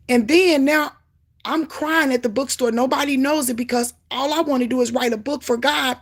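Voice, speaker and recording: A woman sharing a Christian testimony in a preaching style, fervent and emphatic, swinging between loud exclamations and low asides. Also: fairly even intonation, moderate pace. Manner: emphatic repetition.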